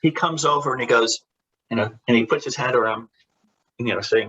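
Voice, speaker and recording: Comic artist guy in an interview, kinda husky voice, rambly stories full of restarts, does little voices for people in them. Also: mid-range voice, a little fast, sharp tone, lo-fi sound. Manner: rambling anecdotes with lots of restarts and laughter. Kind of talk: casual interview storytelling.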